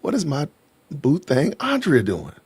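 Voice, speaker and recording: A man's voice: fairly high pitch, huge pitch swings, measured pace, darkish tone, husky, no echo. A man from Illinois hosting a casual live stream, joking, laughing often and greeting his chat. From Illinois, USA. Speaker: livestream host. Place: lives in Georgia, USA.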